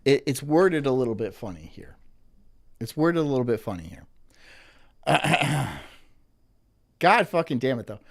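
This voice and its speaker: A man's voice: medium pitch, sing-song, measured pace, creaky, pauses often. A man hosting a live stream, reading out viewer messages, stumbling, restarting and cursing in exasperated banter. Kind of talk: casual live-stream chat.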